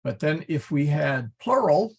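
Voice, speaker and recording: A man teaching a class, explaining step by step in a patient, methodical way with frequent pauses and fillers. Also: on the high side, big pitch swings, gravelly, a little mellow, slightly rough. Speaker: Latin teacher.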